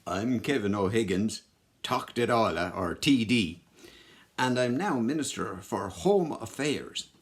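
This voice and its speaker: A man's voice: on the low side, expressive, a little slow. A man playing an earnest male government minister, speaking plainly in a comic history act for children.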